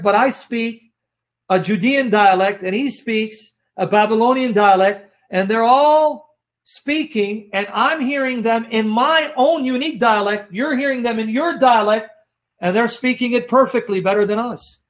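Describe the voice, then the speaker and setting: A man's voice: very high-pitched, normal speed. A man teaching the Bible in a sermon style, emphatic and repetitive, often telling listeners to watch and asking if they follow, his throat strained by coughing.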